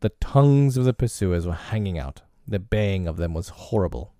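A male narrator reads a storybook aloud with an expressive, lively delivery. His voice is low and warm. The sound is dry and close. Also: moderate pace, no echo. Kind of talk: storybook reading.

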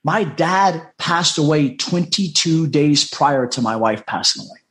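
Middle-aged guy from the us, fairly high voice, heartfelt storytelling as a podcast guest, repeats himself a lot. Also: animated, unhurried, fairly bright tone. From United States. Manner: heartfelt, repetitive, acts out quoted dialogue. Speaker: podcast guest, life coach. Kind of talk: earnest personal storytelling.

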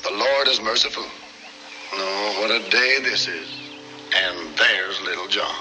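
An actor playing a sinister fake preacher in a 1950s film, speaking in an unctuous, sermonizing way. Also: male voice, fairly low pitch, unhurried, lightly acted, rough recording. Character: sinister smooth-talking fake preacher, grown man. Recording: old film soundtrack with music.

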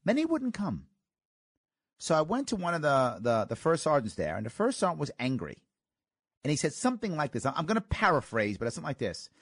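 Casting: man, host, answering listener questions solo, lively up-and-down delivery, dry close mic. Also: fairly high pitch, breathy edge, no echo. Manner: animated, giggles, quick asides and restarts. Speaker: podcast host.

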